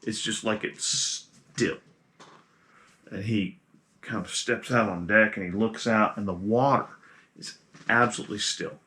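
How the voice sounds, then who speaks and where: A man's voice: fairly low pitch, sharp tone. Man narrating as game master. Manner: casual, halting narration with fillers.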